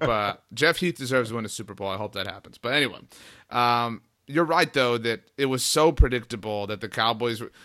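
A man's voice: medium pitch, bright, forceful tone. A man hosting a casual sports talk show, playful and teasing with dry humor.

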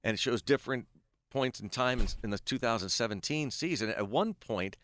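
Animated middle-aged man telling a story. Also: medium pitch, a little fast. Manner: animated storyteller who acts out quoted dialogue. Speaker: guest, baseball play-by-play announcer. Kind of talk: casual podcast storytelling.

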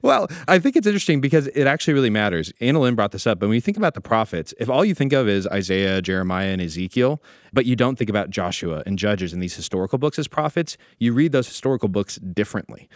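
Fast-talking low-voiced male podcast host. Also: no echo, studio quality. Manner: energetic, explanatory, jokey. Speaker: podcast co-host teaching about the Bible. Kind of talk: casual podcast discussion.

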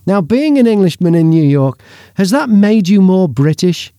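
A man's voice: sits high, very animated, moderate pace, warm tone, no room sound, clean studio sound. A man hosting a radio countdown show, presenting in an upbeat announcer manner.

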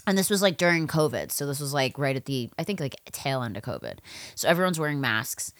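A woman with a low-pitched voice, chatting casually as a podcast co-host. She tells her story with lots of swearing and acts out the voices of the people in it. The sound is dry and close, with little room to it. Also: big pitch swings, fast, no room sound. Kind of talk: casual chat.

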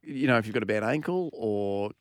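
A man's voice: fairly low pitch, expressive, a little fast, dry recording, studio quality. An Australian man co-hosting a sports podcast, easygoing, reading out stats with joking asides. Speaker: podcast co-host. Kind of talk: casual sports chat.

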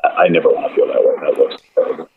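A man's voice: very deep voice, steady tone, racing, gravelly, phone-quality sound. A man who is a podcast guest, chatting in a loose, rambling way with lots of fillers. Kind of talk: casual chat.

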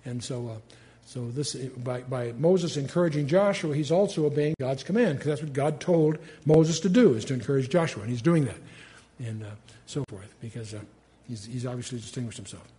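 An older man teaches the Bible conversationally and at ease, speaking fairly quickly at medium pitch. He reads verses aloud with mounting force, then reflects with fillers and asides.

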